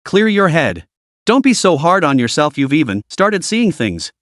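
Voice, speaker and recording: A man voicing a kindly elderly male opera master on the phone, speaking slowly and soothingly. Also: a little high, big pitch swings, a bit bright, no room sound, studio quality. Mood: gently pitying.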